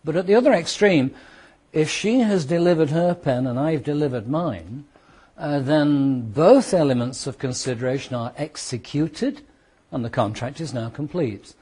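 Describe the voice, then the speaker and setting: A British man teaching a law class to students, explaining with worked examples and repeating key points, sometimes speeding up and sometimes slowing down for emphasis. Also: a little high, expressive, mellow, slightly rough. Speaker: law lecturer. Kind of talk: classroom lecture.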